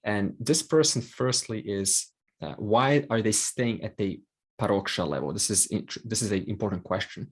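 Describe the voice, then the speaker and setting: A man teaching a scripture class, explaining calmly with frequent pauses and fillers. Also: on the low side, husky. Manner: calm explanatory, many fillers. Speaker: Vedanta teacher.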